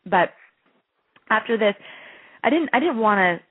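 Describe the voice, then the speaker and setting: A woman's voice: medium pitch, lively intonation, a little slow, no room sound. A woman in her thirties, a guest telling a long personal story over the phone in an earnest, gushing way, full of restarts and fillers. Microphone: telephone. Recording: tinny dry phone line.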